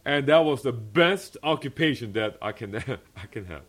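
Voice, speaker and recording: A man's voice: mid-range voice, expressive, moderate pace. A young adult male pastor preaching a personal testimony sermon at a fellowship meeting, earnest and emphatic, repeating key phrases and laughing often.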